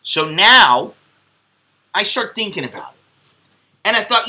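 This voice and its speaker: A man's voice: sits high, sing-song, a little slow, sharp tone. A man hosting a live stream, rambling bluntly and swearing at viewers in casual chat. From United States.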